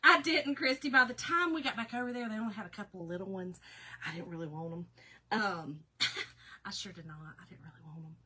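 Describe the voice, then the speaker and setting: A woman in her fifties, a little hoarse, chatting casually with viewers by name during a crafting live stream. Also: mid-range voice, a little fast, sharp tone. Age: 50s. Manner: chatty, talks to viewers by name, laughs often. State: slightly hoarse, recovering.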